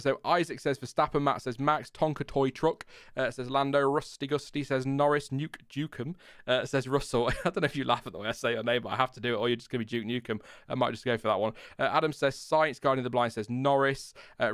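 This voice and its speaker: A man's voice: medium pitch, clear, resonant tone, dry recording, studio quality. A young man hosting a casual live-stream chat, reading out viewer comments with chatty asides and laughs. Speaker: podcast co-host.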